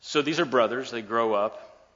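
A man's voice: mid-range voice, normal speed, a bit bright. A man preaching a sermon, retelling a scripture story in a playful, joking way, recorded in a large hall with a dull sound and long echo.

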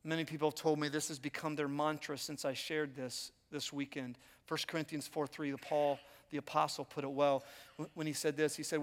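A man's voice: on the high side, little pitch movement, a little fast, big-room sound. A pastor in his fifties preaching a sermon, talking directly to his congregation in a conversational, self-mocking way. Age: 50s. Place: church auditorium.

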